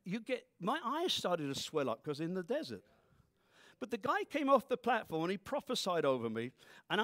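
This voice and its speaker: Guy preaching, high voice that jumps all over, dry close mic, jokey asides. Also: dry recording. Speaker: pastor. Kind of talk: sermon.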